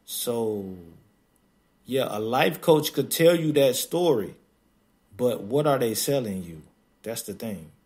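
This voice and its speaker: A man hosting a podcast in a casual monologue, blunt and emphatic, laughing often and acting out others in quick mocking asides. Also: mid-range voice, lively intonation, darkish tone. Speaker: podcast host.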